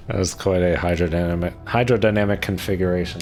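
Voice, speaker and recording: Deep-voiced laid-back streamer guy. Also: fairly even intonation, quick pace, darkish tone, soft background music. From Maryland, USA. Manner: rambling, laid-back, heavy on "like" fillers. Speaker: game streamer. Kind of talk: casual live-stream commentary.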